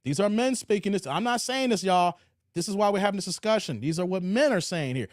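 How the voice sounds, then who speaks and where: High-pitched dude reacting to his stream chat, laid-back and slangy, dry mic. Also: animated, a little fast, no room sound. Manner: laid-back, slangy, reads viewer comments aloud. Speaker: livestream host. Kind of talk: casual livestream commentary reading chat.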